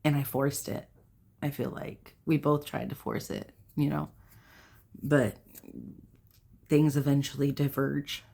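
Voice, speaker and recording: A woman's voice: low voice, level tone, slow pace, gravelly, pauses often, mellow, slightly rough. A young adult woman hosting a self-help video, talking casually to camera in a rambling way, with fillers and self-corrections.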